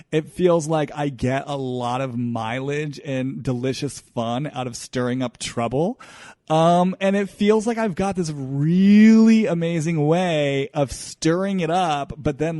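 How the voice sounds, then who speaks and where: A man hosting a solo podcast, talking in an earnest, searching and halting way. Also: on the high side, a little mellow, no room sound, studio quality. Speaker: podcast host. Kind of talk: solo introspective podcast monologue.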